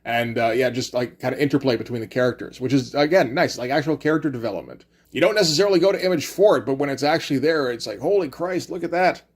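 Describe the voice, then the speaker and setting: A man's voice: medium pitch, fast talker, few pauses. A man giving a loose, casual comic book review, acting out lines of dialogue and swearing freely.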